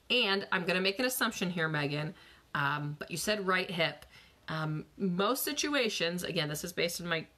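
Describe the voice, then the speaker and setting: A woman in her forties, a physical therapist, chatting casually on a live stream from her bedroom into a phone and answering viewer questions with frequent laughs. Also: lowish voice. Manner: chatty, animated, laughs often, coaching tone. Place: bedroom at home.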